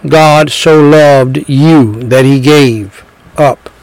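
A middle-aged man preaching a sermon, slow and emphatic, repeating phrases and telling stories. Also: mid-range voice, a little mellow, no room sound, rough recording.

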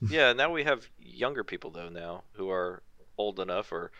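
A man's voice: sits low, expressive, moderate pace, sharp tone, lo-fi sound. A young man co-hosting a podcast, chatting casually and bluntly, swearing and laughing often. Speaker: podcast co-host.

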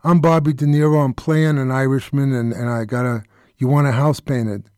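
A man's voice: medium pitch, fairly even intonation, moderate pace, a little mellow, no echo, clean studio sound, lightly acted. A man doing an impression of a pushy older male tough-guy actor who repeats himself in a streetwise way.

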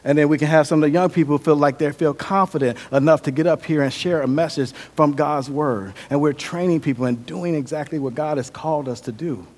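A man's voice: on the high side, brisk, hardly any pauses. Young male preacher, Midwest-raised, earnest testimony delivery with swings in volume. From Milwaukee, Wisconsin. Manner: earnest storytelling, shifting from loud to quiet. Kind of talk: sermon with personal testimony.

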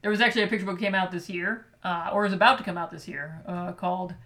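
Bright-voiced, chatty woman co-host. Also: fairly low pitch, fast. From Michigan. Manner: chatty, animated, laughs often. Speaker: podcast co-host. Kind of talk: casual chat about a picture book.

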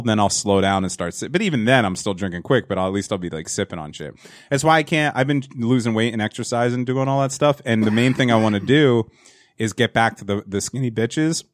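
A man's voice: medium pitch, lively intonation, fast talker, no echo, studio quality. A young man rambling through casual, profane stories in a podcast chat.

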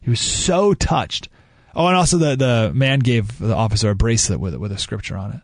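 A man with a mid-range voice speaks briskly on his radio talk show, recorded on a studio microphone with no echo. His monologue is opinionated, with emphatic restarts and asides.

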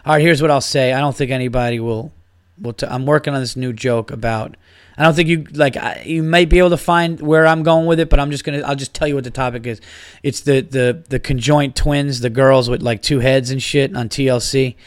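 A man hosting his own podcast, a stand-up comic rambling and swearing, working himself up into loud rants. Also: medium pitch, steady tone, a little fast, dry recording, clean studio sound. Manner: rambling, profane, gets worked up and loud. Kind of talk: casual solo podcast rant.

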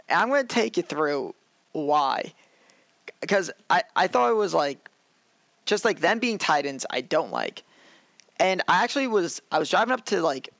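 Young male co-host, animated rant, slightly high voice, dry close sound. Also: no echo. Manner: animated, ranting, acts out characters' lines. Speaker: podcast co-host. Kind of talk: casual anime review chat.

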